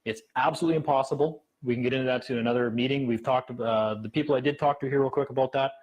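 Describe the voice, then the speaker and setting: A man speaking at a meeting, telling stories in a fast, animated way and acting out what others said. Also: medium pitch, lo-fi sound. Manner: fast, animated, acts out quotes. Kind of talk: casual storytelling talk.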